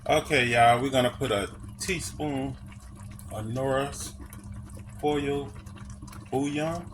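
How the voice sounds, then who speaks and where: A man's voice: mid-range voice, slow pace. A man, casually walking viewers through a cooking recipe, repeating phrases and calling them y'all. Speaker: cooking vlogger. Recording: clear background noise.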